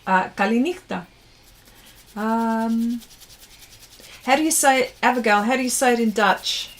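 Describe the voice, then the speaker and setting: Aussie lady chatting away while she paints, slowish, a bit high, drifts off mid sentence. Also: steady tone. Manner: chatty, reads viewers' comments aloud, trails off mid-sentence while working. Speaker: art livestream host. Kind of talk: casual chat while painting.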